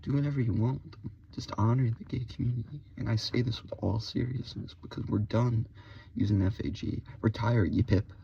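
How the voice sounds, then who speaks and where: Low gravelly male voice, very husky and dark, comic ranter, dull lo-fi sound. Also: fairly even intonation, a little fast, no room sound. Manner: mock-serious, swings between whispered and loud; spells out words letter by letter. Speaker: video creator. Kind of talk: comedic rant to camera. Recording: dull lo-fi recording.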